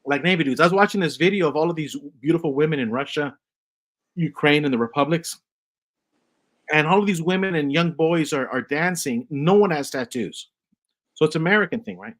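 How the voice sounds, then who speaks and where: A man's voice: a little high, a little fast, a bit bright. A man hosting a casual chat podcast, rambling through stories with lots of fillers. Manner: rambling, many fillers and restarts. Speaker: podcast host.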